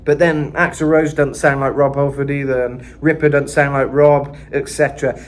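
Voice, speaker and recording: A man giving a casual vocal lesson, chatting about singers' tones and breaking into gritty high sung and screamed demonstrations. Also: little pitch movement, normal speed. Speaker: vocal coach.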